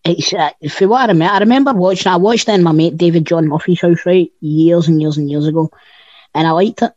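Jokey man with a higher voice. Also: fast, darkish tone, dry recording. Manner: jokey, swears, storytelling. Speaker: podcast co-host. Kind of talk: casual chat. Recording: dull lo-fi dry sound.

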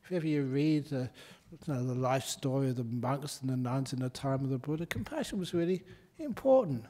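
A man's voice: medium pitch, expressive, a little fast, dark tone. A man, a Buddhist monk, giving a humorous dharma talk in a chatty way and laughing at his own stories.

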